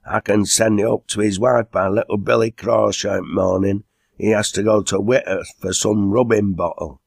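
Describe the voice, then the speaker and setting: A man's voice: steady tone, moderate pace, gravelly, no room sound, studio quality. A man doing Enoch, a boisterous old drinker. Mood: rowdy. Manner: boisterous, raises his pitch and voice. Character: excitable loud old Lancashire drinking man.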